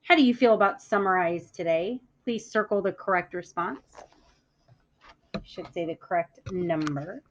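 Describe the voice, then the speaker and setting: A woman teacher giving a classroom vocabulary lesson, speaking clearly and deliberately, stressing words for the class to echo. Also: on the low side, a little hiss or hum. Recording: muffled lo-fi audio.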